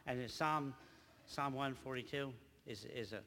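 An older man, a grandfather, preaching a rambling church testimony with halting, repeated words. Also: mid-range voice, fairly bright tone, big-room sound, slight background noise. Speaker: lay preacher.

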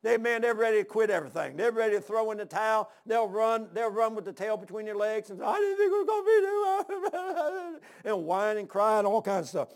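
A man's voice: sits high, fairly even intonation, quick pace, few pauses. A man preaching a folksy, storytelling sermon, repeating his phrases. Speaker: pastor.

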